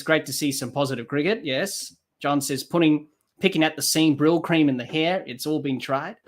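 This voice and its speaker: A man doing live cricket commentary for a podcast, rising excitedly on the play and dropping quiet to read viewer comments. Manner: lifts pitch and volume for the action, drops low to read comments and chat.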